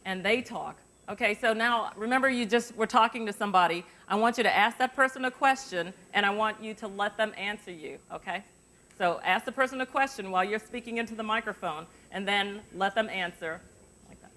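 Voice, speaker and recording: Lively woman teaching with a lapel mic. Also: medium pitch, a little fast. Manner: lively, chatty, directing the room with questions. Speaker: journalist giving an interview workshop. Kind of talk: workshop talk to students. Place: university forum hall. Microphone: lavalier.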